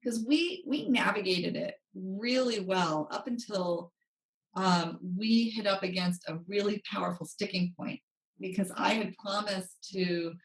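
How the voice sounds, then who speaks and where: Woman guest on a podcast, animated, roomy echoey sound. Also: mid-range voice, unhurried, gravelly. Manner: animated, acts out quotes. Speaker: guest, money coach. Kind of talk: interview storytelling. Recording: roomy, distant from mic.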